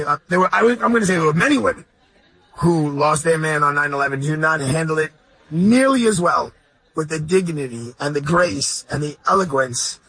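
Effusive radio host, husky voice. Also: male voice, on the high side, sharp tone, no echo, low-quality recording. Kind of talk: emotional radio interview. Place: high-floor room, then a golf course.

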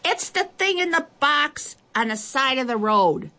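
A woman's voice: on the low side, big pitch swings, a little fast, creaky, breathy edge, heavily acted. A woman voicing an eager little girl in a storybook, calling out help and directions. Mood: shouting. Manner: shouting, helpful.

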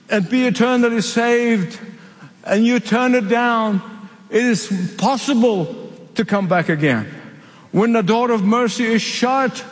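A man from the Middle East delivers an emphatic sermon with a high voice, repeating his key phrases to drive them home. His words ring out with a long reverb, as in a large hall. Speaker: preacher.

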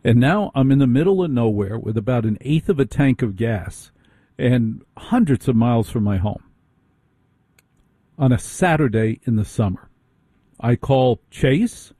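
A man tells a story in a wry, exasperated way. His voice is dark and husky. It is recorded close and dry. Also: medium pitch, unhurried, no room sound. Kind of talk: storytelling monologue.

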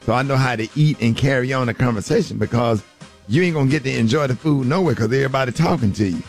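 Fast-talking gravelly man joking on radio. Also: mid-range voice, faint music behind. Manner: brash, joking, colloquial. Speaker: radio show host. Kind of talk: radio show chat.

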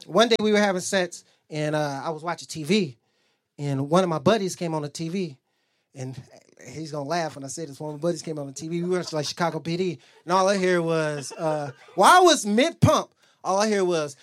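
A man's voice: on the high side, lively intonation, brisk. A man doing a stand-up set, telling loose stories and acting out both sides of his arguments on a club stage. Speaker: stand-up comedian.

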